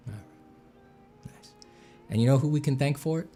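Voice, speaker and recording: A man's voice: mid-range voice, measured pace, long pauses, warm tone, faint music behind. A man, an artist, chatting casually with viewers while drawing, rambling and joking at his own expense. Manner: joking, rambling, self-mocking. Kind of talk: casual livestream chat.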